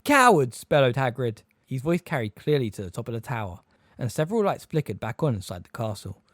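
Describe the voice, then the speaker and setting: A man narrating an audiobook in an expressive, lively storytelling manner on a close mic. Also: medium pitch, fast talker, dry recording.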